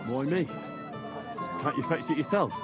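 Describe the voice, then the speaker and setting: An actor playing a polite young man in a video game, calm and dryly courteous. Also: fairly high pitch, normal speed, loud music behind the voice, natural voice.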